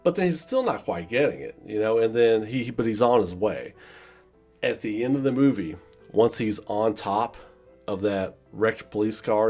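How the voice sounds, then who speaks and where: A man's voice: lowish voice, darkish tone. A man giving a casual, rambling film review, full of "you know" fillers and acting out scenes in quoted voices. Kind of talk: casual spoken movie review.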